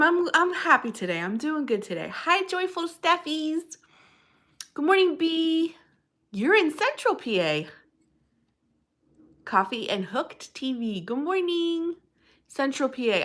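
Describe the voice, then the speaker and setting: A woman's voice: high voice, a bit bright. A woman hosting a casual livestream, chatting and greeting viewers by name in a bubbly way. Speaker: livestream host.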